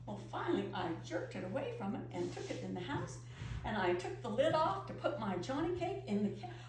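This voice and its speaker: A middle-aged woman telling a story in first person as a pioneer woman, expressive and emotive. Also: fairly high pitch, fairly quick. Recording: echoey room from far off with faint hum.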